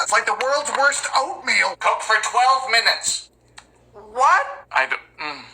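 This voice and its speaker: A man hosting a comedic baking video, reading out old recipes with dry, deadpan one-liners and sudden excited squeals. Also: very high voice, takes it slowly, noisy background. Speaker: home baking video host. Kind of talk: comedic recipe-testing vlog narration.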